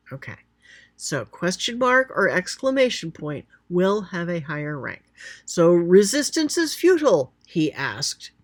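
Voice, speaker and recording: A woman's voice: lowish voice, a bit bright, no echo. A woman explaining a grammar lesson as a writing teacher, chatty and thinking aloud while pointing at examples.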